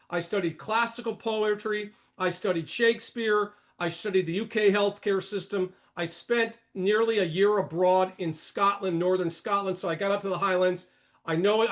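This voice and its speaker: An older man hosting a trading room, giving a blunt, animated market commentary monologue in a lecturing tone. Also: high voice.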